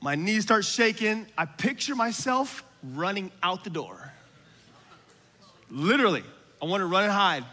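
A man preaching a sermon, moving from hushed, whispered asides to loud, shouted exhortation, with casual slang and laughter. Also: sits high, animated, a little slow. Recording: long hall reverb from a large room.

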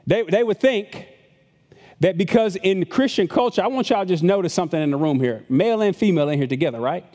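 Man pastor, high voice, conversational sermon with stammered repeats and mocking voices, long church reverb. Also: lively intonation, brisk, a little mellow. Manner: conversational preaching, repeats words, acts out voices of critics.

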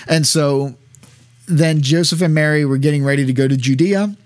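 Man, fairly high voice, reads and explains a text, halting, dry close sound. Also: darkish tone, no echo. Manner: hesitant, many fillers and restarts. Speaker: teacher. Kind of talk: reading a text aloud with commentary.

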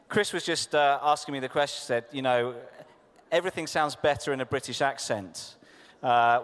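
A man introducing a guest speaker at church, halting with many fillers. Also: mid-range voice, a bit bright. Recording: long church hall reverb.

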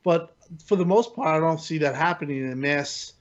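A man's voice: on the high side, dull audio. A man co-hosting a casual gaming podcast, rambling and restarting his sentences. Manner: rambling, halting, restarts often. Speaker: podcast co-host. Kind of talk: casual gaming panel chat.

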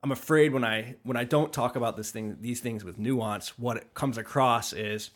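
A man's voice: mid-range voice, steady tone, moderate pace. Thoughtful man co-hosting a podcast. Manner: thoughtful, hedging, trails off in restarts. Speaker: podcast co-host. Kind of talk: casual podcast conversation.

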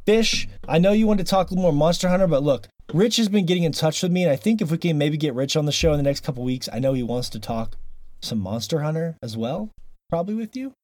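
Animated, higher-voiced podcast host. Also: male voice, fast talker, no echo. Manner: animated, joking, rambling. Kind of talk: casual podcast chat.

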